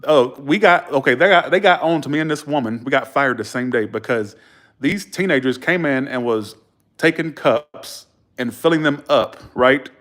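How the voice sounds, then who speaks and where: A man spins stories straight to camera in a loose, casual vlog. He is blunt and profane, acts out the arguments he describes, and chuckles between remarks. His voice sits at an ordinary middle pitch. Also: normal speed, fairly bright tone, faint music behind. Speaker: vlogger.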